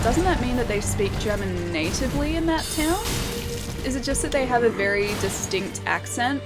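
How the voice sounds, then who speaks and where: A woman's voice: a little high, animated, moderate pace. A young woman streaming a game, chatting loosely with her viewers and reading their messages, with lots of fillers and laughs. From Australia. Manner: chatty, rambling, laughs often, many fillers. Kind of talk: casual gameplay commentary with chat reading. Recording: game music behind voice. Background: game music.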